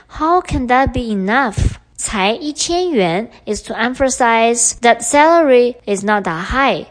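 A young woman hosting a podcast lesson, explaining clearly and switching between English and Mandarin. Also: a little high. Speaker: podcast host and Chinese teacher.

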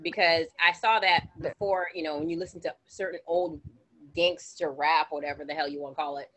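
A woman's voice: sits low, steady tone, brisk, a bit bright. A woman co-hosting a casual podcast, rambling and restarting her sentences often. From grew up partly in Florida. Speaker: podcast co-host. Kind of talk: casual chat.

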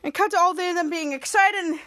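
A woman's voice: very high voice, fast, a bit bright. A woman podcast host narrating a TV episode recap in breathless play-by-play, quoting characters' lines.

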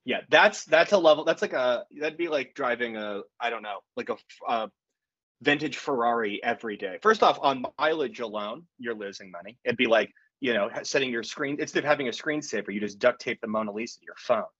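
A man's voice: medium pitch, lively intonation, a little fast, a bit bright, breathy edge, no room sound. A man co-hosting a podcast, chatting casually in a rambling, profane, jokey way. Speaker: podcast co-host. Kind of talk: casual chat. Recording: dull lo-fi podcast audio.

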